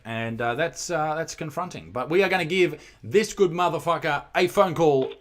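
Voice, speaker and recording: A man's voice: a little high, moderate pace, few pauses, a bit bright. An Australian man rambles his way through a casual live stream. He reads viewer comments aloud and swears freely as he chats.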